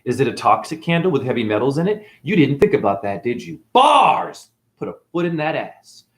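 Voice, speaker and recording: A man's voice: fairly high pitch, sing-song, fairly quick. A man as a spiritual teacher, ranting in a defiant, preachy way, swearing and tossing out mocking asides. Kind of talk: unscripted spiritual rant. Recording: echoey room.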